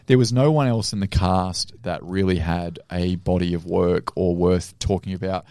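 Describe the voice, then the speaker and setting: A man's voice: low-pitched, fairly even intonation, moderate pace, darkish tone, smooth, no echo. A man co-hosting a movie podcast, rambling and swearing casually as he tells stories. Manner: rambling storyteller, swears often, laughs a lot. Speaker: podcast co-host. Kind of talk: casual chat.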